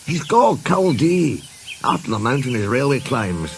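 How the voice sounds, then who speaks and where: A man's voice: mid-range voice, sing-song, unhurried, a little hiss or hum, pitched above the performer's own voice. A man voicing a touchy male steam engine with a broad Scottish accent. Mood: gruff. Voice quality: hoarse whisper at first, broad brogue.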